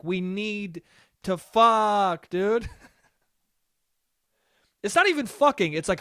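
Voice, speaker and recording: Profane rambling young man, high voice. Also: no echo, studio quality. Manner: profane, rambling, laughs often. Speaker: podcast host. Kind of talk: casual solo monologue.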